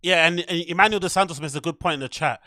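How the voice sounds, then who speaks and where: A young man with a high, bright voice talks through a loose, rambling podcast chat, packed with fillers and swearing. The sound is dry and close, with no room around it. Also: fast, no room sound. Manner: rambling, animated, swears a lot, filler-heavy. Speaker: podcast host. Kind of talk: casual chat.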